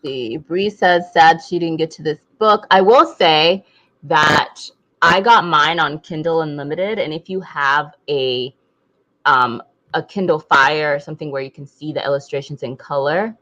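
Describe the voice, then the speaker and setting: A woman co-hosting a casual book club discussion, animated and quick to mimic voices. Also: low-pitched. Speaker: podcast co-host.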